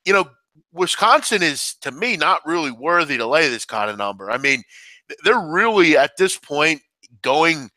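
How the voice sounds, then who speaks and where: Male betting host, animated and upbeat, bright forceful voice. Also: fairly high pitch, moderate pace, no room sound. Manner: animated, excitable, full of shout-outs. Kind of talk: betting analysis chat.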